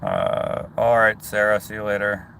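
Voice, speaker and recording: A man from Canada rambles casually into his phone from inside a car and keeps cutting himself off mid-thought. His voice sits on the low side. A faint hum of car noise sits underneath. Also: very animated, a little slow, creaky, a bit bright. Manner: rambling, chatty, self-interrupting. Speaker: vlogger. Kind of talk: casual chat reading viewer comments.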